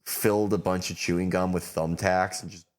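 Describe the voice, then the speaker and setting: Low-voiced man in rambling podcast banter. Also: little pitch movement, normal speed. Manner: rambling, profane, lots of fillers. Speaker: podcast guest.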